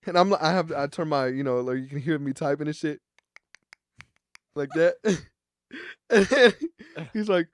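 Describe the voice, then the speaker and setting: High-voiced animated young man telling stories. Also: normal speed, pauses often, clear, resonant tone, dry recording, studio quality. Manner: animated, swearing, acting out both sides of a phone call with laughs. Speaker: podcast co-host. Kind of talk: casual storytelling chat.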